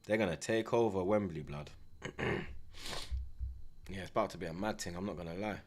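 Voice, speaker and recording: He's running a live football watchalong, talking to his viewers in thick street slang with a low voice and brisk delivery. Big chances get him yelling.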